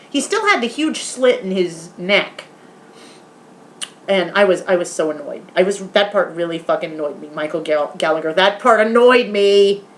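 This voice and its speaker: A woman in a casual vlog, retelling a horror film's ending in animated detail, swearing often and now and then softly talking aside to her pet. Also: mid-range voice, unhurried. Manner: animated, swearing, retelling scenes with quoted voices. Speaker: vlogger. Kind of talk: casual movie review vlog.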